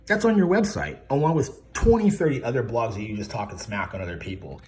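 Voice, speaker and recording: A YouTuber with a mid-range, darkish voice and lively intonation rants briskly straight to camera in an angry vlog, calling out a credit repair business. He's profane, confrontational and mocking, addressing his target directly by name.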